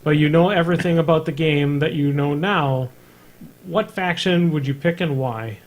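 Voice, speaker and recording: A man's voice: on the high side, moderate pace. Man, lightish voice, podcast co-host, chatty, casual chat. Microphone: studio mic on a live stream.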